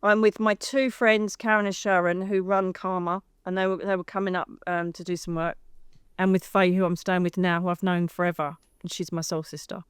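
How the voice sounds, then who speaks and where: A middle-aged English woman, a psychic medium guest, telling a personal story in a lively way and acting out the voices she quotes. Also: on the low side, brisk, clear, resonant tone, no echo, studio quality. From United Kingdom. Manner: lively, acts out quoted voices, says "darling".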